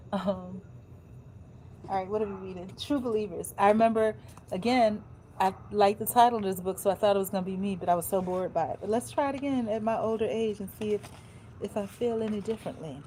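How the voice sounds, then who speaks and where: A woman's voice: medium pitch, fairly even intonation, fairly quick, dark tone, slight background noise, rough recording. A woman in a casual vlog who reads a children's book aloud and chats between pages, with colloquial, joking asides. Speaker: vlogger. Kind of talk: casual chat and reading aloud.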